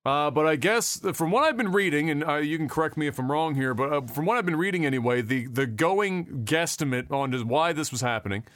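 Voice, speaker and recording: Casual podcast co-host, male, higher voice, dry close-mic sound, excitable and profane. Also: fairly quick, hardly any pauses, no echo. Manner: animated, swears a lot, rambling restarts. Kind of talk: casual chat.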